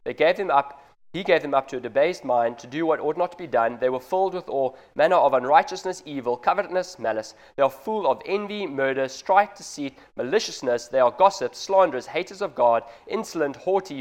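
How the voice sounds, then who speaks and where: In this sermon, a man in his thirties addresses the parents of his congregation with earnest directness, pressing hard on each point. His somewhat high voice is expressive and moves a little quickly.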